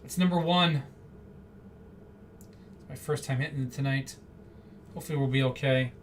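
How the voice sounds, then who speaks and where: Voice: mid-range voice, moderate pace. A card-break host chatting casually and rambling off-the-cuff while opening packs on a live stream. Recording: slightly distant mic, faint background hum.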